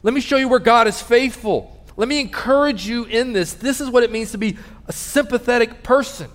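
A man preaching a sermon as pastor, telling stories earnestly and dropping soft and low in tender moments. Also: brisk. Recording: long reverb of a large hall.

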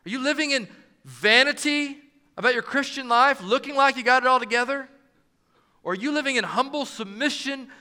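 A man's voice: extremely high pitch, sharp tone. A man preaching a sermon, reading scripture aloud and explaining it, stressing key phrases by repeating them. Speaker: pastor.

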